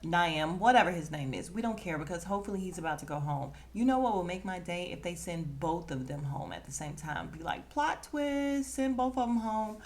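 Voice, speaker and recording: A woman, recapping a reality dating show on her podcast. She talks in a sassy, animated way and slips into the voices of the people she quotes. Her voice sits a little low for a woman. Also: fairly quick, hardly any pauses. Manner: sassy, animated, quotes cast members with attitude. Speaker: podcast host.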